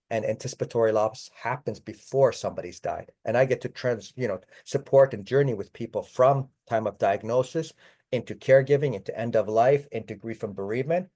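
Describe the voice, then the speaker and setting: A man's voice: fairly low pitch, dark tone. A man giving a conversational palliative care presentation over a video call, often addressing his audience as folks. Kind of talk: online webinar talk.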